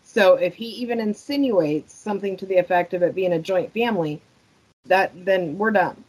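Husky-voiced female podcast cohost. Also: medium pitch, moderate pace, a little mellow, rough recording. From United States. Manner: earnest, thoughtful, frequent agreeing replies. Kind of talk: casual recap chat.

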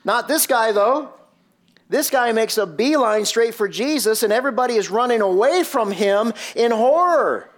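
A man's voice: very high voice, animated, normal speed. A man preaching a sermon and retelling a scene vividly, with many rhetorical questions. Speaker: pastor.

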